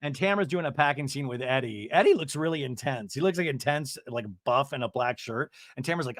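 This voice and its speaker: A man hosting a podcast, chatting through a comedic reality TV recap in a gossipy way and slipping into quick mock voices. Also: mid-range voice, a bit bright, dry recording, clean studio sound.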